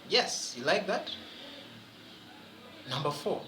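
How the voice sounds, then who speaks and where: A man coaching students for an exam, pressing each point and quizzing them as he goes. His voice is very bright and forceful, with slow, deliberate delivery. The recording is roomy, with faint ambience behind. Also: a little high, animated, slight background noise. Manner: emphatic, asks students rhetorical questions. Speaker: French teacher. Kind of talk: exam prep lesson.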